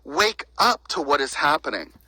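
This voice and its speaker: A bright, tense voice preaches with fervent indignation and piles up rhetorical questions. The sound is dry and close, with no room around it. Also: medium pitch, sing-song, normal speed, breathy edge, dry recording, rough recording. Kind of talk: impassioned preaching monologue.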